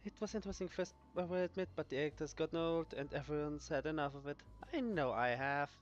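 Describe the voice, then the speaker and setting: A man's voice: fairly high pitch, a little fast, dull audio. A man joking and reacting as he plays through a game. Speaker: let's play gamer. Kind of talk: game playthrough commentary.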